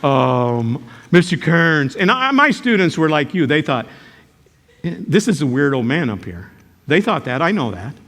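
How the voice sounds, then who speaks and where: An older man, a teacher, giving a motivational talk to a live audience, telling jokey stories with sudden loud outbursts. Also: a little high, unhurried. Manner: animated storytelling, joking, sudden loud outbursts. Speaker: character education teacher and speaker. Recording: reverberant hall.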